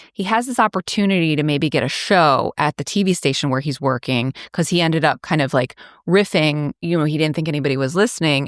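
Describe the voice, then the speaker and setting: A podcast host with a notably low voice gives a casual plot recap, retelling a story loosely and chattily with plenty of fillers and wry asides. The sound is close and dry, without room echo.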